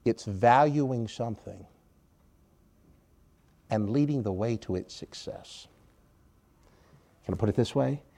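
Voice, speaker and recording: A man's voice: mid-range voice, takes it slowly, pauses often, mellow. Man preaching a conversational sermon. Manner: conversational, rhetorical questions, wry sarcasm, volume swings. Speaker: pastor.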